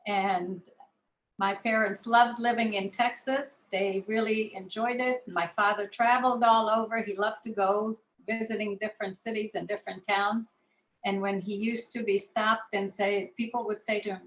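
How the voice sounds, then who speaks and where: Woman born in Israel, guest speaker, relaxed anecdotal storytelling, roomy echo. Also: mid-range voice, moderate pace. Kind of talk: personal storytelling talk.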